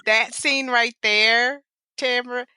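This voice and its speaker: A woman book blogger chats about a story, exclaiming with feeling. Her voice is high and bright. The sound is dry and close. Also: steady tone, takes it slowly, clear, resonant tone, dry recording. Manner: emotive, exclaiming. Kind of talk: casual podcast chat.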